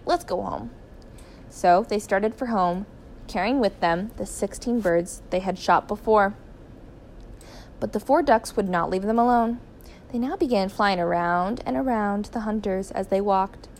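A woman narrating a children's story in a clear, even, expressive reading voice. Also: mid-range voice, measured pace, slight background noise. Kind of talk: children's story read aloud.

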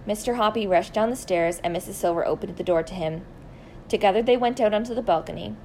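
A woman reading a children's story aloud, expressive and deliberate, slowing down for emphasis. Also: mid-range voice, a little hiss or hum, rough recording.

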